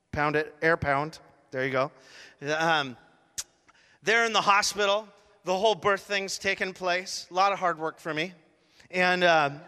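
A man's voice: fairly high pitch, bright, forceful tone, in a large hall. A middle-aged man preaching a sermon, telling a chatty story with playful asides. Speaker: pastor.

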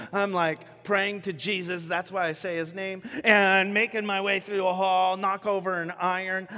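A man in his thirties delivers a sermon with animated storytelling and plays out little scenes in quick voices. His voice sits a bit high for a man. The room gives it a long, ringing reverb. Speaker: pastor.

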